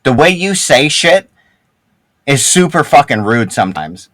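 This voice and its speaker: A man talking over a headset in a gaming group chat, his pitch swinging widely as he pushes his point. He rambles, trips over his words and swears heavily. The sound is dry and close. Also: sing-song, unhurried, fairly bright tone, no room sound, poor audio. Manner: rambling, heavy swearing, many restarts. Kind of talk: heated casual voice-chat argument.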